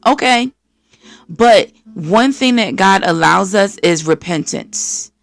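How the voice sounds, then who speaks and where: Gravelly-voiced American woman preaching encouragement. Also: mid-range voice, a little slow, no echo. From East Coast of the United States. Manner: energetic, preachy, acts out quoted voices. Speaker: podcast host. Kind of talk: faith-based motivational talk.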